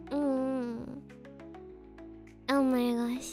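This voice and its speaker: A woman's voice: high voice, unhurried, soft background music. A woman VTuber chatting casually on a livestream, playful and bouncy, sniffly after crying, reading donations and dropping in Japanese words. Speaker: VTuber streamer.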